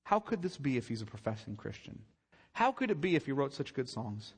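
A male pastor delivers an emphatic sermon, circling back on his points and pressing the congregation with questions. His voice is husky and a bit breathy. It rings out with the long reverb of a large church hall. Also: mid-range voice, big pitch swings, a little fast. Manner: emphatic, repeating phrases and asking the congregation rhetorical questions.

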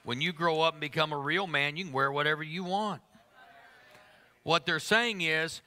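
A man's voice: fairly high pitch, moderate pace, sharp tone. A middle-aged man preaching a sermon to a congregation, emphatic and humorous, teasing his listeners.

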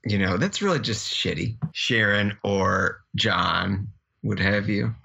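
A man's voice: lowish voice, takes it slowly, creaky, bright, forceful tone, breathy edge, lo-fi sound. A man co-hosting a casual podcast, cracking crude jokes. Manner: joking, crude quips. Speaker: podcast co-host. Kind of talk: casual chat.

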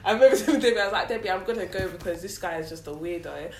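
A young woman with a London accent talks fast in casual chat, acting out the people she quotes as she tells her story. Her voice is mid-pitched, and the room around her is echoey and roomy. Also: animated, darkish tone, far from the mic. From London, England. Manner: rapid, storytelling, acts out quotes, laughs often. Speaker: guest telling a story.

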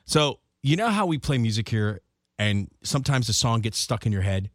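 A male radio host rambling through a story with plenty of restarts. His pitch sits mid-range but swings a lot, close-miked in a dry studio. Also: very animated, normal speed, no echo. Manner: rambling, self-mocking storyteller, often restarts. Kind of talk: casual banter.

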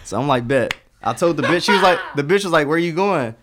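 A man's voice: fairly high pitch, animated, fast talker, background noise. A young man, a guest telling rambling, profane stories and acting out the dialogue. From Detroit, US. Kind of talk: casual chat.

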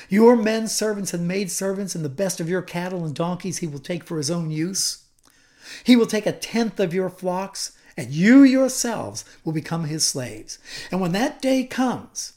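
A preacher voicing a stern, scolding God. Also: male voice, high-pitched, close to an everyday voice. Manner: scolding, emphatic, rising and loud. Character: stern exasperated God, male, commanding.

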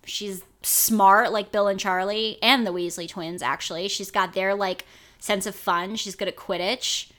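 A woman's voice: medium pitch, fairly even intonation, measured pace, bright, forceful tone. A woman co-hosting a podcast in casual chat, enthusiastic, swearing freely and saying "like" a lot. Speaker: podcast co-host.

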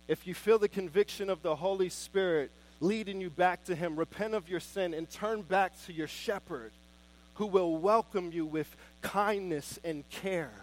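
A man preaching a sermon with fervent emphasis, swinging between loud declarations and soft, hushed pleas. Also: sits high.

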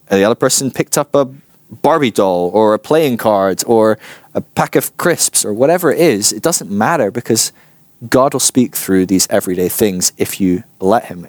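A man's voice: on the low side, no room sound. Chatty man teaching a class. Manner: chatty, animated, acts out quotes. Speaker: church teacher. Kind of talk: informal teaching talk.

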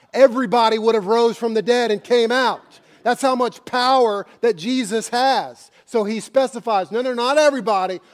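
Animated high-voiced male preacher. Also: normal speed. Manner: animated, dramatic retelling with shifts between hushed and loud. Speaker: pastor. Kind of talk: sermon.

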